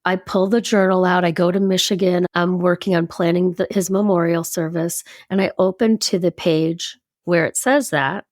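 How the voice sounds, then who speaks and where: A woman in her fifties, a podcast guest, sharing a personal story in a lively, animated way. Her voice sits fairly low for a woman, and she acts out what other people said. The sound is dry and close, with no room echo. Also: normal speed, hardly any pauses. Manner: animated storyteller who acts out quoted speech.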